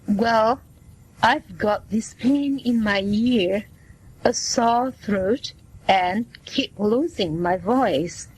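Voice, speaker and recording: A woman's voice: medium pitch, slightly rough, low-quality recording. A woman reading as a man with a cold. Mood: plain. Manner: slow, plain reading voice. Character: middle-aged man with a cold, chatty patient. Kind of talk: scripted dialogue for learners.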